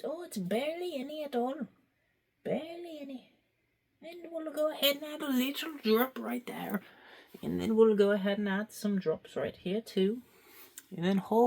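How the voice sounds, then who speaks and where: A man putting on a high, breathy, half-whispered falsetto, cooing softly over small splashes of water. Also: exaggerated voice.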